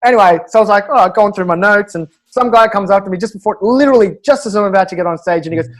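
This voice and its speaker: An Australian man, a stand-up comedian, telling animated stories in casual chat with quick restarts and laughs. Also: sits high. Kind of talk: casual storytelling.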